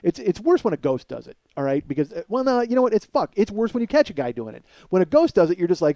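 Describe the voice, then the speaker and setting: A middle-aged man hosting a comedy podcast, telling a story in a profane, excitable rant. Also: high voice, fast talker, few pauses, no echo.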